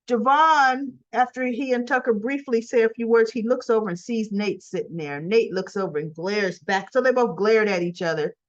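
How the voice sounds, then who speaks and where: A woman casually retelling a soap episode in a chatty way with frequent asides, in a dull lo-fi recording. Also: mid-range voice. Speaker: soap opera recap vlogger.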